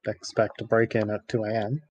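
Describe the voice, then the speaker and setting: A man playing in a tabletop game, thinking out loud about plans in an easygoing way. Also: lowish voice, flat delivery, a little fast, husky, dry recording, lo-fi sound. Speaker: player. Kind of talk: casual game chat.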